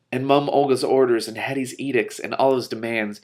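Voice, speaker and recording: A man's voice: mid-range voice, steady tone, a little fast, few pauses, darkish tone. A man reading a novel aloud and breaking off to react with emotional commentary. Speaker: reader and commentator.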